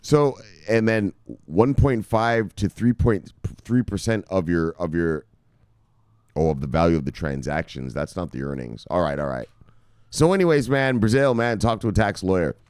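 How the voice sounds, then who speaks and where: A man presenting crypto news in casual, profane commentary, rambling and swinging from loud outbursts to muttered asides. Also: sits low, expressive, moderate pace, clean tone, dry recording, clean studio sound.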